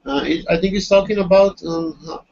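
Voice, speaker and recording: Man, language student on a video call, hesitant and halting, high voice, muffled line. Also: gravelly, darkish tone. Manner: hesitant, many fillers and restarts. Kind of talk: answering in class.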